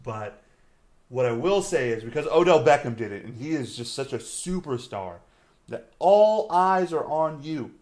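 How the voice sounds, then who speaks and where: A man's voice: on the high side, expressive, normal speed, darkish tone. Chatty man riffing on sports. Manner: rambling, teasing, laughs often, trails off with fillers. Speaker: sports show co-host. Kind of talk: casual live-stream sports banter. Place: lives in Austin, Texas.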